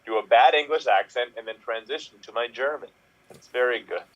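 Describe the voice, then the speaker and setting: A man's voice: medium pitch, brisk. Jokey man on muffled audio. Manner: self-mocking, jokey. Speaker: improv panelist. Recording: dull lo-fi audio.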